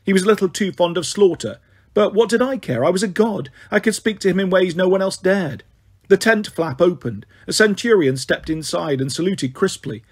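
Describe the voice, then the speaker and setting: A man narrates a fantasy audiobook in an expressive storytelling manner. His voice sits high for a man and has a breathy, husky edge.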